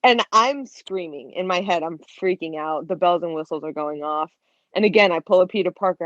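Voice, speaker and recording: A young woman in her twenties tells a story as an interview guest, slipping into the lines she said back then. Her voice sits a little low. The recording sounds dry and dull, like a lo-fi mic. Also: brisk, no echo. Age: 20s. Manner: lively, acts out her own past lines with lots of "like". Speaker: guest artist.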